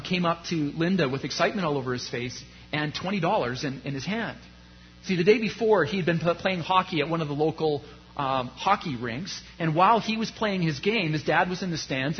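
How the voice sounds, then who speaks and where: A man preaching a sermon as a pastor, his delivery rising to emphasis and dropping low. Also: dull audio.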